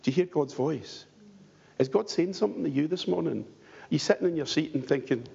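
A man's voice: a little high, animated, brisk, vocal fry, mellow, slightly rough. A man preaching a sermon in church, earnest and pleading, asking the congregation rhetorical questions. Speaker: pastor. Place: church hall. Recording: dull lo-fi church hall recording with long reverb.

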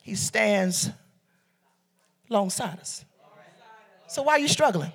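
A woman from Detroit preaching a sermon with call-and-response, swinging from soft teaching to shouted exhortation. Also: medium pitch, animated, slow, slightly rough. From Detroit, USA. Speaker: preacher and beauty coach. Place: church service.

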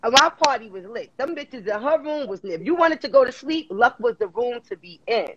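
A woman podcast host telling a rowdy story in animated chat, whooping and cursing as she acts out her friends. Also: a little high, a little fast, breathy edge, no room sound, lo-fi sound.

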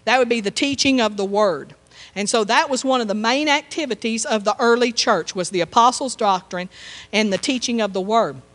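A woman's voice: a little high, normal speed, a bit bright. A woman pastor, preaching in a conversational, folksy way with frequent restarts. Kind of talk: sermon.

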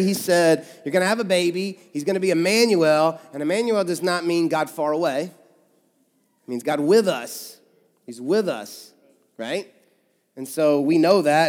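A high-voiced pastor gives a sermon in a loose, joking, conversational style, putting on voices for the people he quotes. The large church hall adds a long, ringing echo to everything he says.

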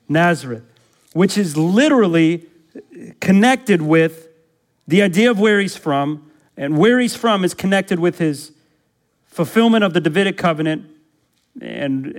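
A man preaching a sermon in an emphatic, pressing way. He keeps asking his listeners to fill in the blanks and repeats himself to drive his points home. His voice sits a little high for a man. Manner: asks the congregation fill-in-the-blank questions. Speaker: pastor.

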